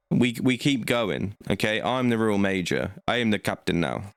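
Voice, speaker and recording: Cocky man, low voice. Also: expressive, brisk, hardly any pauses, fairly bright tone, clean tone. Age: late 20s. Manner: cocky, trash-talking the opponent. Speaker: card game streamer. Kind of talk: gameplay commentary.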